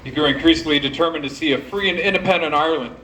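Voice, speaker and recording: Man, higher voice, jokey event speaker, echoey pub room. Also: racing, sharp tone. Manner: jokey, directs audience volunteers. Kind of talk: informal historical talk to a live audience.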